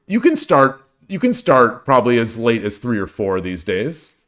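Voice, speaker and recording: Streaming games, a weary forties man talks casually to his audience in a medium pitch with huge pitch swings, a fairly bright tone and moderate pace. His talk wanders, keeps restarting, and leans on self-deprecating humor.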